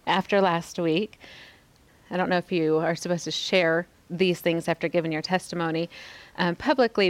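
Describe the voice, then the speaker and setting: Soft-spoken woman sharing her testimony. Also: fairly low pitch, dry recording. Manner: reflective, soft-spoken, pauses often. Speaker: podcast host sharing testimony. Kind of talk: personal faith talk to a women's group.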